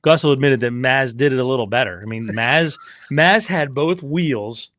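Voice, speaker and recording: A man's voice: medium pitch, moderate pace, a bit bright, dry recording, studio quality. A man who owns a racing team and is the father of a rider, telling stories in a casual podcast chat. He acts out quotes and swears freely.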